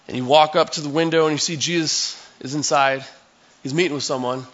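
A man's voice: a little high, steady tone, fairly quick, a bit bright, muffled recording. A male pastor giving a sermon in a conversational, storytelling way, acting out scenes for his listeners.

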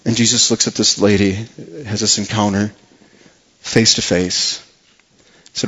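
A man preaching a sermon as a pastor, earnest, repeating words for emphasis and dropping soft and low on key phrases. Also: fairly even intonation, measured pace, breathy edge, highs cut off.

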